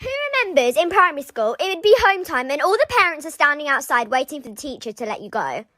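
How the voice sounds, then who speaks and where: A woman's voice: high voice, lively intonation, fairly quick, few pauses, sharp tone, no echo. A woman doing a sarcastic, exaggerated comedic monologue.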